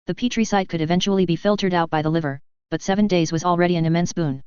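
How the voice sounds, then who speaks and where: A woman narrating a first-person story in a steady, even reading voice. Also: fairly low pitch, fast, smooth, no room sound. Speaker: fan fiction reader. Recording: dry, slightly dull lo-fi recording.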